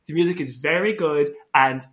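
A man's voice: a little high, moderate pace, fairly bright tone. A man co-hosting a podcast, telling a long story in a camp, playful way in casual chat. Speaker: podcast co-host.

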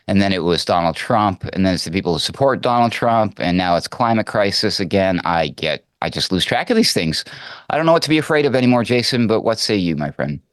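A man with a fairly low voice reads out political news, breaking in with dry, mocking asides. His sound is close and dry, with no room around it. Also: no echo. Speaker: political commentator. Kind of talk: sarcastic news commentary.

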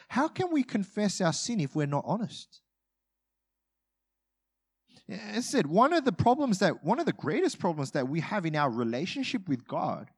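A man preaching a sermon as a pastor, talking conversationally with humor and acting out short everyday scenes, swinging from loud bursts to quiet asides. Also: on the high side, slightly rough.

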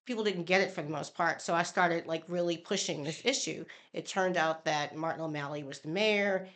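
Earnest, lower-voiced woman politician. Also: normal speed, few pauses. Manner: earnest, emphatic, incredulous. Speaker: state senator, guest. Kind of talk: conversational interview.

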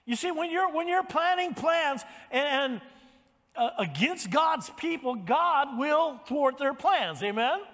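Older male pastor preaching in a hall. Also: very high voice. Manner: animated storytelling, acts out quotes. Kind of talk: sermon.

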